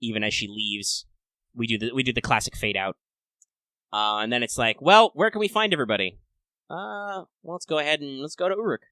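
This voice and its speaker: Male podcast co-host, bright tone, dry close sound, chatty and playful. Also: mid-range voice, a little fast, no echo. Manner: chatty, playful and upbeat, with excited asides. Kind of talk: casual fan discussion podcast.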